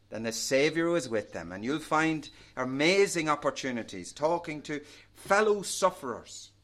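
A man preaching a sermon in an earnest, measured way, rising and falling in volume for emphasis. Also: medium pitch, fairly bright tone.

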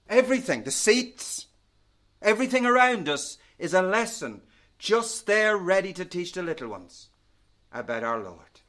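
A man preaching a sermon in an earnest, measured way, rising and falling in volume for emphasis. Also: fairly high pitch, a bit bright.

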